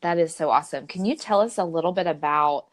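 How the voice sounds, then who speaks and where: A woman hosting a faith podcast, affirming her guest often and asking gentle questions. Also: deep voice, fast, no echo. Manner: warm affirming listener, frequent yeahs. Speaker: podcast host.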